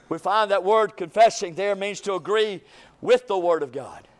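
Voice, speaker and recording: A male pastor preaching a sermon with passion, building to shouts. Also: sits high, moderate pace. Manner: impassioned preaching, rising to shouts.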